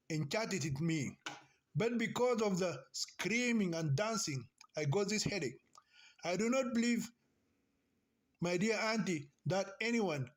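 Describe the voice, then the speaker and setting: A man reading the lines of a sleepy, skeptical young woman in a novel, with a slow and earnest delivery. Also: high voice.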